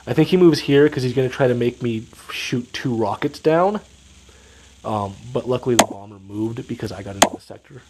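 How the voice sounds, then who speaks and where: A man's voice: medium pitch, brisk, heavy background noise. Stuffed-up man commenting on gameplay. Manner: analytical, explaining moves step by step. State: stuffed up, sniffling. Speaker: strategy game commentator.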